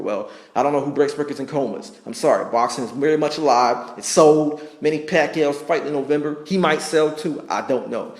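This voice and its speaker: A man rants fast and hard, stacking emphatic points and swearing as he argues. His voice sits at an ordinary middle pitch. The sound bounces around an echoey room. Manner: emphatic, repetitive, profane, argumentative. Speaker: vlogger ranting about sports. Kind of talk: heated casual rant.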